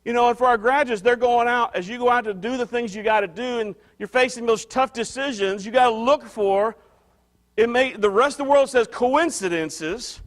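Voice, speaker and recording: High-voiced man preaching a conversational sermon. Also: normal speed, a bit bright. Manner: conversational, restarts and repeats phrases for emphasis. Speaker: pastor.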